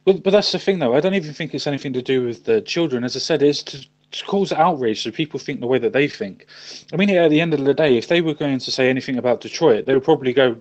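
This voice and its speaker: Man, mid-pitched, muffled lo-fi sound, emphatic, repeats himself. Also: animated, fast, a little mellow. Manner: emphatic, repeats points, swears casually. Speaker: co-host. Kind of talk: casual chat.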